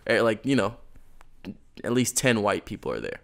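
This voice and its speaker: A man's voice: on the low side, sing-song, measured pace, gravelly, a bit bright. A man co-hosting a podcast, telling a story in casual chat, laughing, swearing freely and acting out the people in it. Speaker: podcast co-host.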